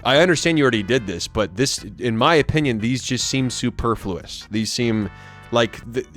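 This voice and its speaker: Young male streamer, rambling and animated, mid-pitched, soft music underneath. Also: normal speed. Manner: animated, rambling, mimics people he quotes. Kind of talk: casual storytelling to camera. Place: home streaming setup. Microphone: studio mic.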